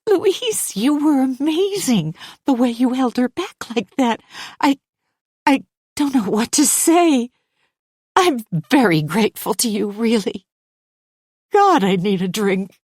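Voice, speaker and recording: A woman voicing a frightened, tearful young mother who talks in high, breathless, pleading bursts. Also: expressive, takes it slowly, a little mellow, breathy edge, dry recording, studio quality, full character voice. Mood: grateful. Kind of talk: audiobook character voice.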